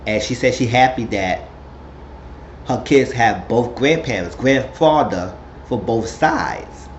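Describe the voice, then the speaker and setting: A man recapping a reality show episode in casual, gossipy storytelling. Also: slow pace. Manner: chatty storytelling, puts on high voices quoting people. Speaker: recap vlogger. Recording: roomy, dull lo-fi sound with faint hiss.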